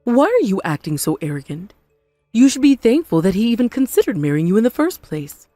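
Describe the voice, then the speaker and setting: A woman voicing a spiteful, possessive mother-in-law in an animated story, scornful and melodramatic. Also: on the high side, fairly quick, no echo, soft background music. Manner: scornful, melodramatic, self-pitying.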